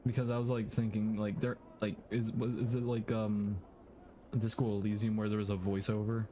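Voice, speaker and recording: A male streamer chatting casually over a game, stumbling through his sentences with restarts and fillers. His voice is lowish and mellow, with a faint hum of noise behind it. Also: flat delivery. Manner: halting, stammering, lots of fillers.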